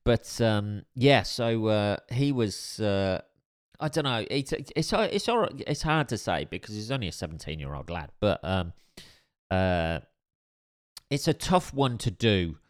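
Brief: man, low voice, unhurried rambling anecdote, dry wit. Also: lively intonation. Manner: rambling, hesitant, many fillers and restarts; dry, wry humor. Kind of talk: casual storytelling chat.

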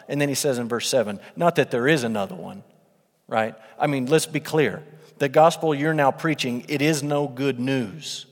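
A man preaching a sermon, teaching through a Bible passage in an animated way as he reads verses aloud and acts out quotes. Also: mid-range voice, moderate pace. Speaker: pastor. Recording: long hall reverb.

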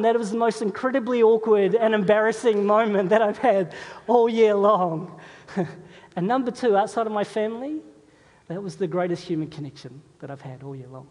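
A man with a very high-pitched, darkish voice preaches as a pastor in a church, keeping his sermon conversational and full of storytelling while questioning the congregation. The recording has a large hall's long reverb.

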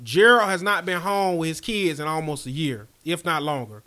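A man co-hosting a sports podcast, his voice bright and a touch high. He talks in loose, emphatic banter. His delivery swings into playful outrage and lively emphasis. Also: normal speed. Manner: animated, emphatic, playfully indignant. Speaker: podcast co-host.

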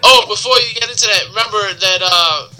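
A man co-hosting a casual wrestling podcast, excitable and sarcastic, quick to react to his co-host. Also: high-pitched, poor audio.

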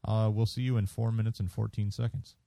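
A man's voice: fairly low pitch, little pitch movement, fairly quick, gravelly, warm tone, dry recording. A man hosting a podcast in casual chat, easygoing and laughing often. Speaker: podcast host.

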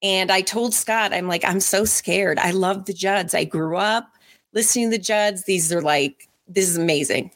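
A woman co-hosting a casual podcast, telling stories about meeting celebrities in an animated, chatty way. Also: mid-range voice, normal speed. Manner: chatty and animated, acts out voices in her stories. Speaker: podcast co-host and former radio interviewer. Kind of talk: casual storytelling chat.

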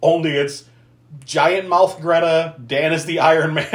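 Recapping a movie on his podcast, this man chats casually, laughing a lot and cursing freely. He speaks a little slowly in a voice on the high side with lively intonation, and the room around him echoes.

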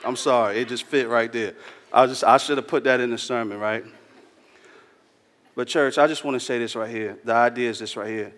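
A man's voice: medium pitch, steady tone, a little fast, a bit bright. Slangy preacher man in a reverberant church. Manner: casual storytelling preacher, slangy and earnest. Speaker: pastor. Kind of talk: sermon. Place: church hall. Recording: long hall reverb.

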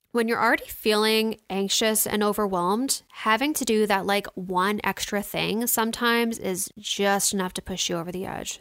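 A young woman talks through her week in a casual vlog, candid and chatty, full of fillers. Her voice is smooth and resonant. The sound is close and dry, with no room around it. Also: medium pitch, fairly bright tone, dry recording. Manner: chatty, candid, lots of "like" and "you know" fillers. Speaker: vlogger. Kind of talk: casual personal storytelling.

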